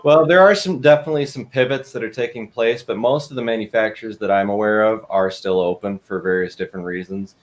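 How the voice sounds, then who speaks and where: A man from Michigan, a guest, giving earnest, measured answers about industrial marketing. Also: lowish voice. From Michigan, USA. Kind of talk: interview answers.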